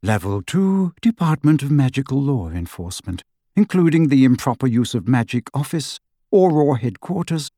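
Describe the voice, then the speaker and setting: A man's voice: mid-range voice, big pitch swings, normal speed, dark tone, no echo, studio quality. A man reading an audiobook, voicing the formal, disembodied female announcer of a magical lift.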